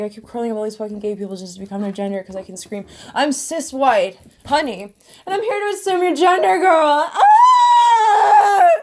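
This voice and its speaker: Fast-rambling woman vlogging from her bedroom. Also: medium pitch, warm tone. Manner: rapid, swearing, jumps between thoughts. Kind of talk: rambling monologue to camera.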